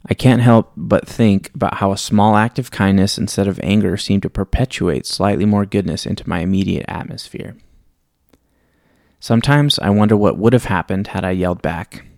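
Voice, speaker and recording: A low-pitched man with a gravelly, creaky edge hosts a podcast and reads a story from his own life. He tells it in a reflective, wry way, and the sound is dry and close with no room behind him. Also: normal speed, darkish tone, no echo. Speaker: podcast host. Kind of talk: reading a personal story aloud, then casual sign-off.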